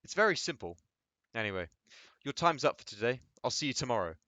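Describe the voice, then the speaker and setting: A man playing a calm middle-aged psychiatrist who asks gentle, probing questions. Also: medium pitch, a little fast, no room sound.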